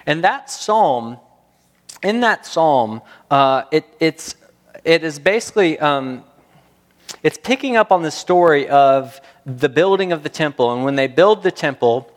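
A man preaches a sermon in a fairly high voice, growing animated and building to emphatic peaks. He often repeats and restarts his words as he goes. His voice rings out with a long reverb, as in a large hall. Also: unhurried. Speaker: pastor.

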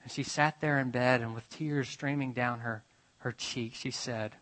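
A man preaching a sermon, retelling a story dramatically and moving between urgent, rising passages and hushed, drawn-out ones. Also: mid-range voice, fairly even intonation, low-quality recording. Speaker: pastor.

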